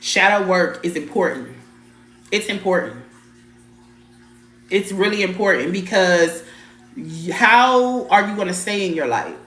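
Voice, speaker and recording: A woman's voice: fairly low pitch, expressive, a little slow, long pauses, a bit bright, echoey room. A woman hosting a live spiritual stream, talking casually and bluntly, repeating her points, swearing mildly and greeting viewers by name. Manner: blunt, emphatic, repeats phrases, mild swearing.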